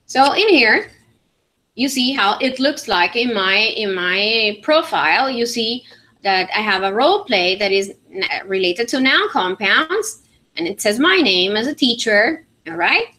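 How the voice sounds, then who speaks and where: A woman's voice: fairly high pitch, expressive, a little slow, sharp tone. A woman English teacher, presenting a demo at a conference and talking it through with frequent fillers and "all right?" checks. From Venezuela. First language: Spanish.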